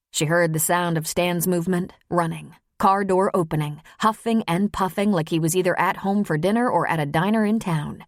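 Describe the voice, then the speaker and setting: A woman narrating an audiobook in a tense, measured storytelling voice. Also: lowish voice, dry recording, studio quality. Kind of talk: scripted narration.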